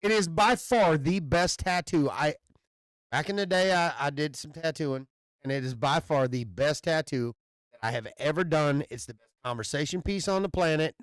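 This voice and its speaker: A man's voice: on the high side, moderate pace, clear, resonant tone, no echo. A man, hosting a casual chat and rambling through a story, swearing freely and restarting his sentences. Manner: rambling storyteller with loose profanity and stammered restarts. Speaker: podcast host.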